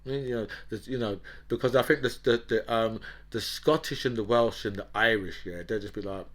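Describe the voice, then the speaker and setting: A man's voice: fairly low pitch, a little fast, a bit bright. A man, hosting an opinionated commentary monologue in a heated, ranting way, often checking in with "right?" and "you know". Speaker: political commentator and host.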